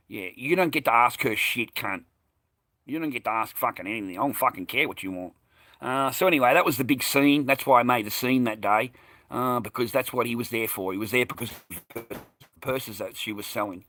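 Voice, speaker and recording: A middle-aged Australian man telling a story in an angry, profane rant, loudly acting out what he yelled. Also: mid-range voice, dry recording. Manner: profane, heated, shouting out remembered lines. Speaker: vlogger.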